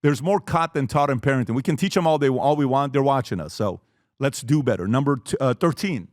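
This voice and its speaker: A man's voice: mid-range voice, fairly quick, darkish tone, no echo, studio quality. A man giving a motivational talk to fathers, blunt and emphatic, acting out family conversations as he goes. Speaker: speaker teaching fathers.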